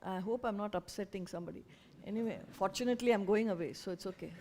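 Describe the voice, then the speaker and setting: A woman giving an earnest, lively spiritual talk to an audience, sometimes acting out parents' voices. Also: medium pitch, quick pace. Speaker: spiritual speaker.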